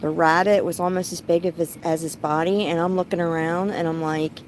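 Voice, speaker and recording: A woman's voice: fairly low pitch, fairly even intonation, moderate pace, slight background noise, rough recording. A middle-aged woman telling stories in a casual vlog, chatty and breaking off to talk to her pet bird. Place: rural home, outdoors.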